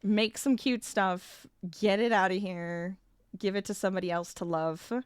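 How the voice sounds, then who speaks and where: A woman's voice: medium pitch, steady tone, moderate pace, clean tone, dry recording, studio quality. A woman streamer chatting casually with her chat while she crochets. Her voice is slightly scratchy as she gets over an illness, and she laughs often. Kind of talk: casual crafting livestream chat.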